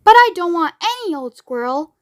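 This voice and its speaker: A woman's voice: very high-pitched, expressive, unhurried, a bit bright, voice pushed up, heavily acted. A woman voicing a spoiled, demanding rich young girl with a whiny, insistent tone.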